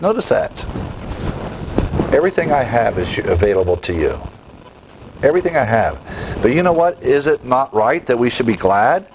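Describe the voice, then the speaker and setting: A man's voice: very animated, moderate pace, pauses often, slight background noise. A man preaching a sermon as pastor, reading scripture aloud with a lifted voice, commenting plainly and closing in prayer. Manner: reads scripture aloud with raised pitch, then comments plainly; ends with a spoken prayer.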